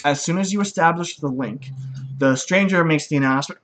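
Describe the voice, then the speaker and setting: A man narrating as game master, chatty and lively. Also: mid-range voice, normal speed. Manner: lively, chatty, laughing at himself.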